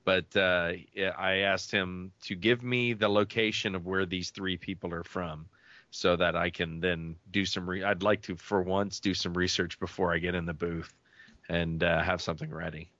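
A man with a lowish voice chats as a podcast guest, rambling and self-deprecating, often restarting his sentences. The sound is dry and close, with slightly dull, lo-fi audio from a remote call mic. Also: steady tone, normal speed, pushed and bright, no echo. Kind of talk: casual chat.

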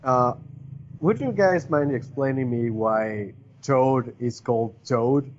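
A man's voice: medium pitch, takes it slowly, slight background noise. A man whose first language is Spanish, hosting a podcast in casual chat, rambling and hesitant with many fillers. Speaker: podcast host. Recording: dull lo-fi podcast audio.

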